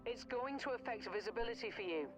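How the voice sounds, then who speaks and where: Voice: mid-range voice, lively intonation, over music, close to an everyday voice. A voice actor playing a matter-of-fact mission dispatcher in a mech video game, heard over the game's radio. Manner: brisk, matter-of-fact briefing.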